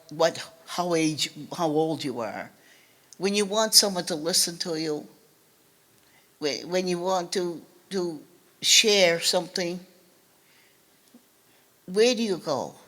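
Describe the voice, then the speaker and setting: An older woman from Nova Scotia giving a talk, telling a family story in a halting, earnest way and often repeating or restarting her words. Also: fairly low pitch, a bit bright. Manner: earnest, recounts family memories. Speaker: guest speaker.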